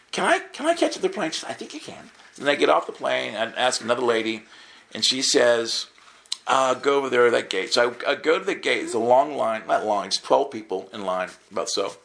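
A man with a gravelly, fry-laden voice gives a sermon as a running anecdote. He talks casually and animatedly and acts out each exchange in lively voices. His pitch sits at an ordinary middle level. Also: a little hiss or hum. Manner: animated storytelling, acts out dialogue with jumps in pitch. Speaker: preacher. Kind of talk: storytelling sermon.

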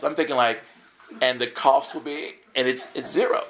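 Gravelly man preaching through a story. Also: moderate pace, a little hiss or hum. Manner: animated storytelling, acts out dialogue with jumps in pitch. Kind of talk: storytelling sermon.

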